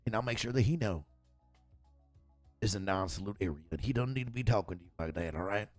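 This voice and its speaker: A man putting on the voice of a gruff, protective senior army sergeant, talking low and confiding. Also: fast, no room sound, faint music behind, lightly acted.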